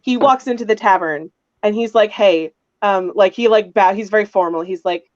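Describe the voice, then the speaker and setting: A woman's voice: medium pitch, normal speed, a little mellow, dry recording, lo-fi sound. A woman on a roundtable panel, telling a rambling, chatty story about her tabletop game.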